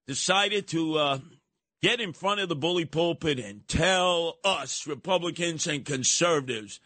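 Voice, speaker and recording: A man's voice: fairly high pitch, measured pace, sharp tone, dry recording. A man hosting a political talk radio show, combative and mocking. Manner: combative, mocking, uses nicknames.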